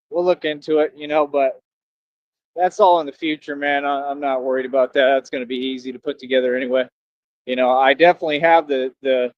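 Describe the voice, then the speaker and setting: A self-assured man streaming live from outdoors, his voice a touch higher than most. He rambles on and sounds tired from the heat. The sound is dry and a little dull and lo-fi. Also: no echo.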